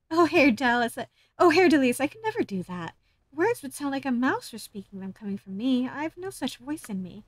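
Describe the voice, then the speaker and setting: A woman's voice: on the high side, no echo. A woman voicing a timid young woman in a game, hesitant and stammering. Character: shy young woman, timid and soft-spoken.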